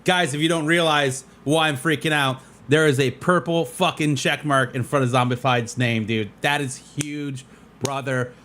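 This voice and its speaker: Man, game streamer, casual chat, tired, excitable, repetitive. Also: mid-range voice, normal speed, slight background noise. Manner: hyped, repeats himself, lots of "dude" and "man".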